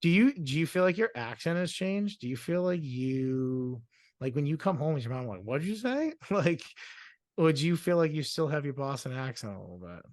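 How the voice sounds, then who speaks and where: A man's voice: medium pitch, animated, a little fast, darkish tone, no room sound. Male podcast host, rambling questions, lots of fillers, dry close sound. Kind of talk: casual interview chat.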